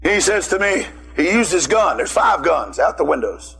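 A man's voice: on the high side, sing-song, moderate pace, gravelly, fairly bright tone, faint music behind. A man preaching a sermon, telling a personal story and calling out emphatically to his listeners.

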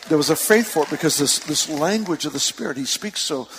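A gravelly-voiced man preaches in a storytelling way, building to excited emphasis and laughing easily. His voice rings out with a long hall reverb. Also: on the high side, fairly quick, slight background noise. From San Francisco Bay Area. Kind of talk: sermon.

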